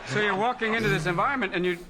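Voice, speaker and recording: A man appearing as a comedian guest on a late-night talk show, riffing rapidly and slipping into quick voices. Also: sits high, background noise. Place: TV studio before a live audience. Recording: archival TV with loud studio audience. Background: loud audience laughter.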